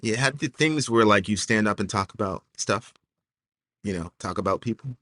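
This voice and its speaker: A man in an interview earnestly telling a personal faith story, halting and restarting often with "like" fillers. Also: on the low side, fairly bright tone. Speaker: interview guest. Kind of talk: emotional personal testimony.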